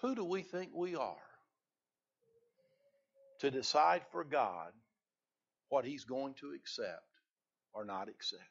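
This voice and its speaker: A male preacher giving a sermon, rising loud on key phrases and dropping low between them. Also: lively intonation, slow pace, creaky, long pauses, slightly rough. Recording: dull lo-fi recording.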